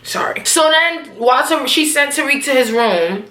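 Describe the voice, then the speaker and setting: Young woman doing a profane tv recap rant, kinda high voice, echoey room. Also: normal speed. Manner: animated, profane and opinionated. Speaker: TV recap vlogger. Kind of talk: casual episode recap and rant.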